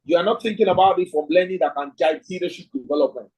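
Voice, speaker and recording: A man leads an online leadership class. His voice is slightly high and husky. He thinks aloud, tags his points with "right?" and reads out answers from the class. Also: fast, darkish tone, poor audio. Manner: thinking aloud, frequent "right?" tag questions; reads participants' chat answers. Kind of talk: online class lecture with audience questions.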